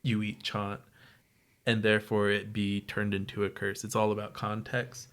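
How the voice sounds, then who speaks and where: A man's voice: lowish voice, completely flat delivery, moderate pace, fairly bright tone, clean tone. A man from New Mexico, co-hosting a podcast and carefully explaining a word's meaning, adding clarifications. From New Mexico, USA. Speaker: podcast co-host. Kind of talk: casual chat.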